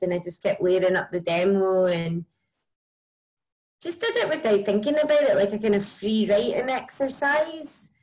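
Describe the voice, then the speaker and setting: A woman with a broad Scottish accent, a musician chatting casually and warmly about her music in an interview, with lots of "like" and "um". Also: mid-range voice, low-quality recording. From Scotland. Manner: chatty, enthusiastic, many likes and ums. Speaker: musician guest.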